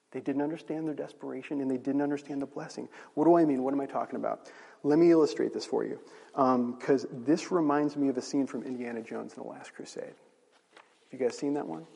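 Husky, gravelly man preaching in a hall. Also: medium pitch, mellow. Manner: conversational, asks the audience rhetorical questions. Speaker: pastor. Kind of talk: sermon. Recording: long reverb of a large hall.

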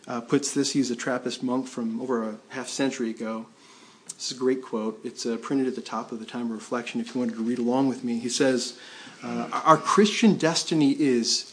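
A man preaching a sermon to a church congregation. He talks in a conversational way, with fillers and restarts, and acts out the quotes he tells. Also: medium pitch. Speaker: pastor.

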